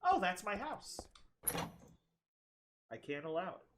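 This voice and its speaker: A woman's voice: lowish voice, sing-song, slow pace, background noise. A woman streamer giving casual, joking let's play commentary, chatty and laughing often.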